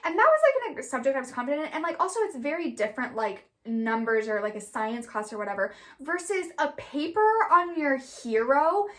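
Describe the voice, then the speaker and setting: A woman's voice: high-pitched, expressive, fairly quick, few pauses. A young woman co-hosting a podcast in casual chat, talking loosely with lots of "like". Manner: chatty, heavy use of "like". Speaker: podcast co-host.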